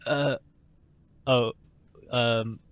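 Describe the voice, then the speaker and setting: A young man co-hosting a podcast, deadpan and laid-back as he plays along with the jokes. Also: mid-range voice, very slow, clean tone, no room sound, muffled recording. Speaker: podcast co-host. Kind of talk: casual chat.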